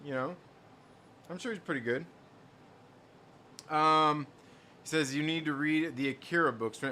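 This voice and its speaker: A man's voice: a little high, measured pace, sharp tone, a little hiss or hum. A man hosting a casual live stream, reading chat messages aloud and riffing on them. He rambles, repeats himself and laughs often.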